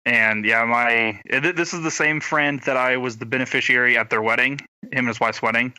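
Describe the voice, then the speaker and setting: A man's voice: mid-range voice, steady tone, fairly quick, bright, forceful tone, no room sound, rough recording. A young man chatting casually as a podcast co-host, rambling with lots of fillers, talking through a gaming headset. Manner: rambling, self-deprecating, trailing off with fillers. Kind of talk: casual chat.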